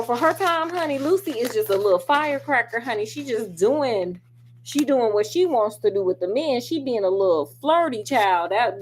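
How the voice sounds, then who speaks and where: A woman's voice: fairly high pitch, a little mellow, slight background noise. A woman reviewing a film in a casual, sassy, chatty way. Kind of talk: casual chat.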